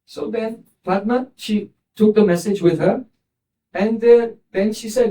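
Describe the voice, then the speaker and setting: A man with a high, mellow voice retells and explains a sacred story in a gentle storytelling way. He sounds set back from the microphone. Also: a little slow. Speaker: spiritual teacher. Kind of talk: scripture storytelling lesson. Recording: voice distant from the mic.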